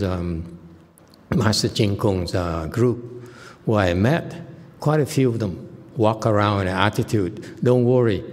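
A man speaking as a Buddhist monk in an informal dharma talk, blunt and scolding, with flashes of sharp indignation. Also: on the low side, in a large hall.

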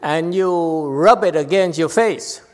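A man's voice: on the high side, slow, big-room sound. A man giving a spiritual teaching to a congregation, playful and full of rhetorical questions and repeated phrases. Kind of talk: dharma talk to a congregation.

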